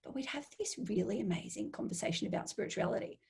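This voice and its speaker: This Australian make-up artist speaks in a mid-range, gravelly, husky voice at a quick clip. As a guest in a casual interview, she tells stories with lively animation, acting out the inner voices.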